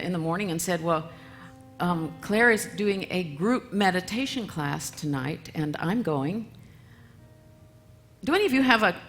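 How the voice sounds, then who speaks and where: A woman giving a church talk, telling a story in a lively, self-mocking way with frequent laughs. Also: on the low side. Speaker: guest speaker and musician.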